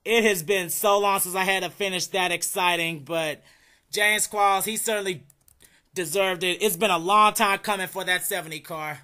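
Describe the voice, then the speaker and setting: A young man calling a simulated stock car race as play-by-play commentator, excitable and shouting through close finishes. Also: high voice, normal speed. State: out of breath. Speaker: sim racing league commentator.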